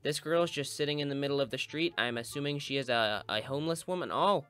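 A man's voice: a little high, fast, a bit bright, clear, resonant tone, soft background music. A young man giving comedic, sarcastic commentary over his own gameplay with goofy mock-villain asides. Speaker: gaming video host.

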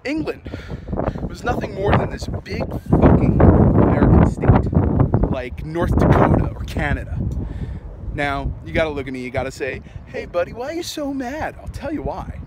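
A man's voice: fairly high pitch, sing-song, a little fast, few pauses. An actor playing an angry young male punk in a dramatic monologue, ranting in a profane, sardonic way. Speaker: actor performing a film monologue. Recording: outdoor traffic noise behind.

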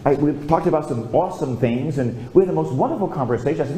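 A priest giving a homily, telling a story with lively, conversational preaching and calling out for amens, in a church. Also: male voice, fairly high pitch, fast talker, slight background noise. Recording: echoey church.

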